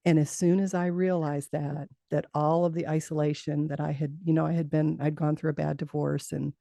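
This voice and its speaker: Gravelly, warm-voiced woman telling her story. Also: deep voice, little pitch movement, fairly quick, no room sound, studio quality. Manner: earnest, laughs often, repeats words as she talks. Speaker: interview guest. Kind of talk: personal storytelling in an interview.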